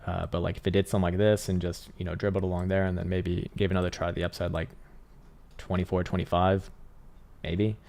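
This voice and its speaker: Deep-voiced male live-stream host, casual and profane, chatty with viewers; keyboard typing behind. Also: flat delivery, fast talker, gravelly. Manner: laid-back, swears often, says "man" a lot, laughs loudly. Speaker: livestream crypto trading host.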